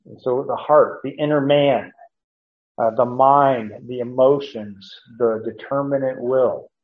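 A man teaching verse by verse from the Bible, halting with many fillers and restarts, chuckling now and then. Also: mid-range voice, steady tone. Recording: dull lo-fi recording.

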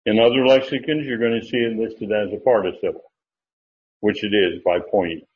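A man's voice: on the low side, fairly even intonation, moderate pace. A man teaching a Bible study lesson in a casual, thinking-aloud way, checking his sources as he goes. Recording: dull lo-fi recording with faint noise.

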